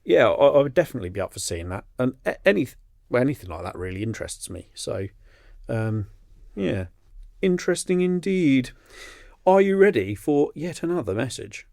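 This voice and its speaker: A man's voice: mid-range voice, big pitch swings, moderate pace, vocal fry, a little mellow, no echo, studio quality. A man co-hosting a podcast in casual chat, reading out listener messages between his own remarks. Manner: chatty, reads listener messages aloud. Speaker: podcast co-host.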